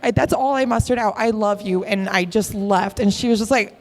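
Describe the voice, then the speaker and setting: A woman's voice: a little high, a little fast. Giggly gushing young woman. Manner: giggly, gushing, laughs often. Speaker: cosplay guest at a convention panel. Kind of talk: excited casual Q&A.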